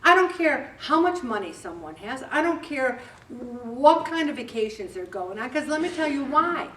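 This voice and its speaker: A woman's voice: high voice, big pitch swings, normal speed, a bit bright. A woman in her seventies leading a group talk, chatty and direct, often acting out little conversations to make her point. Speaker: group leader speaking to a weight loss group. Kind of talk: casual motivational talk. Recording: roomy, distant, faint background hum.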